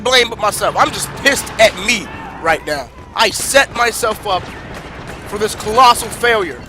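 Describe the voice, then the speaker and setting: High-voiced ranting male game streamer. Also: animated, measured pace. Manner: frustrated, ranting, swings from muttering to shouting. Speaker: gaming streamer. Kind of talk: live gameplay commentary. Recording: game music loud behind voice.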